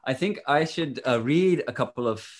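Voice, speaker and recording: A man's voice: medium pitch, animated, normal speed. A man as an interview guest, earnestly explaining and commenting on accounts he reads out.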